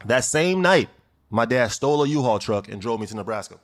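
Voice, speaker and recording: Young guy from chicago rattling off stories quick, acting out everybody he quotes. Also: mid-range voice. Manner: animated, acts out quoted voices, emphatic. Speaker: guest. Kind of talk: storytelling in conversation.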